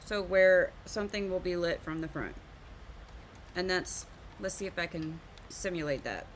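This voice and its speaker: A woman's voice: lowish voice, normal speed, slight background noise. A woman hosting a live art stream, chatting casually while teaching drawing and often laughing at herself.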